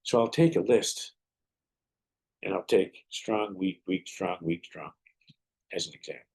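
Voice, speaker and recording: A man's voice: sits low, a little slow, creaky, a little mellow, husky. A man hosting a motivational podcast, telling stories and giving earnest, preacherly advice. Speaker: podcast host and martial arts teacher.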